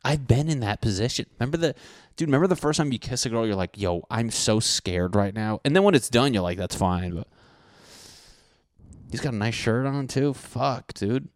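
A young man reacting to a dating show clip in crude, excitable commentary, often swearing and acting out what people are thinking. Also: mid-range voice, moderate pace, no echo, clean studio sound. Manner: excitable, swearing, mock-narrating others' thoughts.

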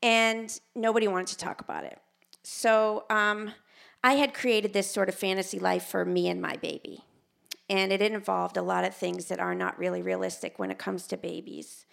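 An American woman telling a personal story on a theater stage, animated and self-mocking, acting out what people said. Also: mid-range voice, gravelly. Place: theater stage before an audience.

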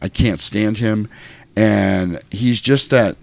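A man co-hosting a podcast, chatting casually and profanely about a movie and slipping into quick impressions. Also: lowish voice, gravelly, a little mellow, no echo. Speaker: podcast co-host. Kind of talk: casual movie-review chat.

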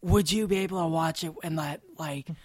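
Male podcast co-host, husky voice, measured and questioning, dry recording. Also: fairly high pitch, darkish tone, dry recording. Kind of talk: casual chat.

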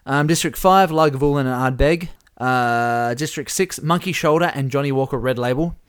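A man in casual chat, reading out game events with animated play-by-play. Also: mid-range voice, moderate pace, smooth, no echo, clean studio sound. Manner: animated play-by-play, chuckling at the results. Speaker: host running a whisky-themed game simulation.

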